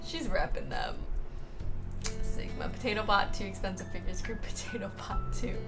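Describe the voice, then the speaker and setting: A young woman streamer reading chat aloud in a casual, playful way, laughing often and exclaiming loudly when excited. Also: mid-range voice, moderate pace, gravelly. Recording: music playing behind.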